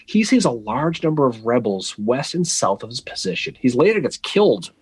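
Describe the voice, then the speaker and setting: Husky guy co-hosting a history podcast, bounces his pitch around telling the story, dry close mic. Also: moderate pace, no echo. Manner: animated storyteller, acts out quotes, teasing. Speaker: podcast co-host.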